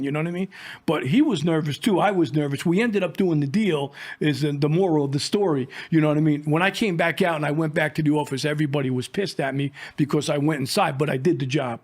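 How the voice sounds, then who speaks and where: A man's voice: a little high, fast talker. A middle-aged man and former drug agent telling a war story in a rambling, profane, casual way, full of fillers.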